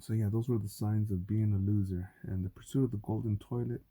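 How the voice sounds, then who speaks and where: A man telling stories in a casual, rambling monologue, cursing often and getting animated. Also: lowish voice, fairly quick, breathy edge. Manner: profane, animated storytelling. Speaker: vlogger.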